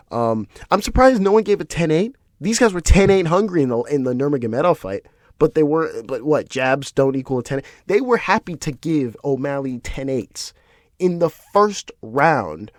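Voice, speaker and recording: A man hosting his own podcast, talking casually in an animated, profane, ranting way. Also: a little high, moderate pace, dry recording, clean studio sound. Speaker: podcast host. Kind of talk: casual solo commentary.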